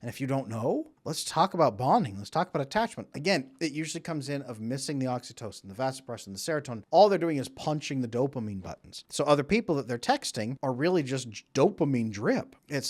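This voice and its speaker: A man's voice: mid-range voice, fast talker, hardly any pauses. A man talking as a relationship coach, giving direct advice and acting out the voices of people he quotes. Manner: animated, acts out quoted voices. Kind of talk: direct-to-camera advice talk.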